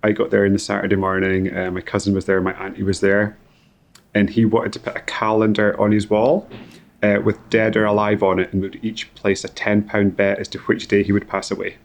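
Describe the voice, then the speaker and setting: Low-voiced man, halting and grieving. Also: monotone. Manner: halting, repeats words, grieving. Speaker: guest, company founder. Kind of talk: emotional interview conversation.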